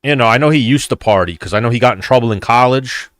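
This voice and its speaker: Man, host, casual fight watch-along chat, rambling, profane, mid pitch, dry close sound. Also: fast, fairly bright tone, dry recording. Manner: rambling, loose and profane, addresses viewers.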